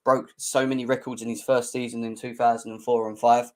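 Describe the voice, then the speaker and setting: A young man hosting a live football fan stream, bantering and mocking rival fans in slangy, excitable talk. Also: a little fast. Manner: mocking banter, slangy, laughs often, mimics rival fans in squeaky voices. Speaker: football channel host.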